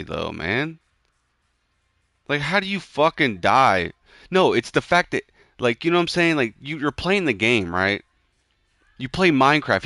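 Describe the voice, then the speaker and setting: This is a young man streaming a game in a studio-quality recording with no room sound. His mid-range voice carries casual chat with friends, heavy on swearing and on "bro" and "dude," and he breaks into loud, excited yelps whenever the action gets tense.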